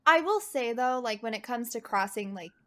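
A young woman in casual chat, blunt and animated, swearing freely. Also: fairly high pitch, normal speed.

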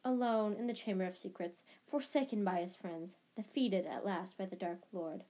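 Woman doing Riddle, quiet taunting dark wizard. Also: fairly low pitch, lively intonation, moderate pace, husky. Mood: gloating. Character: cold, gloating young male dark wizard. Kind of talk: audiobook reading.

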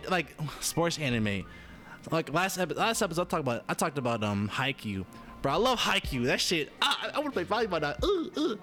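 A man rambles casually to his audience, cursing freely and cutting himself off mid-sentence. His pitch swings widely as he talks. Faint music plays underneath. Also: fairly bright tone. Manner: rambling, profane, self-interrupting. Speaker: vlogger. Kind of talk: casual monologue.

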